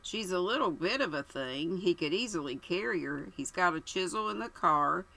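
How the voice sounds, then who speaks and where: A woman voicing a placid, tactful middle-aged police superintendent who lays out his theory in a measured way. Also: on the low side, vocal fry, full character voice, low-quality recording. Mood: reasoning. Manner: calm, measured, deferential.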